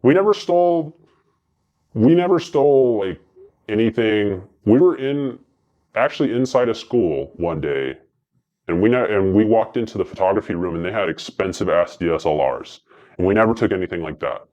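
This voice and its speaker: A man's voice: low-pitched, animated, a little mellow, highs cut off. A man guest telling profane, rambling stories in a casual chat, full of fillers. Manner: rambling, profane, fast anecdotes with many fillers. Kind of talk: casual storytelling.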